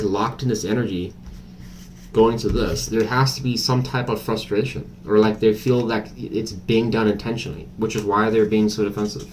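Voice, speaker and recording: A man giving a casual tarot reading, chatty and blunt, with a mid-range voice. He thinks out loud and fills gaps with hesitations. A faint hiss sits under the recording. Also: medium pitch. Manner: chatty, blunt, thinks aloud with many fillers. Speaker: tarot reader.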